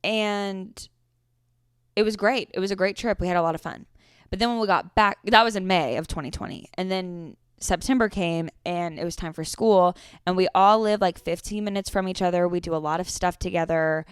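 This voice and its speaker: On her solo podcast, a woman in her twenties tells stories casually and chattily, cursing frequently. She speaks at a normal speed in a clear, resonant voice on the low side, captured in a dry, studio-quality recording.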